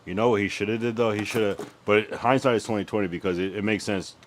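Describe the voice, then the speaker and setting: A man's voice: lowish voice, steady tone, fast, faint music behind. A young man streaming live, chatting casually and rambling with profanity while he thinks aloud. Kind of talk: casual livestream chat.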